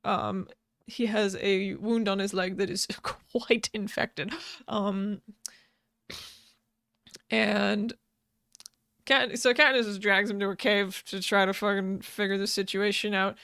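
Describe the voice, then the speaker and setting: Bright, slow-talking woman recapping a book. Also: mid-range voice, little pitch movement, clean tone, dry recording, clean studio sound. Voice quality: swears casually, laughs often mid-sentence. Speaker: podcast co-host. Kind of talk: casual book recap chat.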